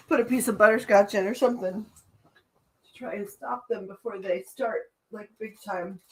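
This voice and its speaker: A woman's voice: mid-range voice, steady tone, normal speed, a little hiss or hum. A woman with the hiccups giving a live card reading, chatty and giggly, talking to viewers by name. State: has the hiccups. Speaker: tarot reader. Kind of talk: live-stream reading, casual chat.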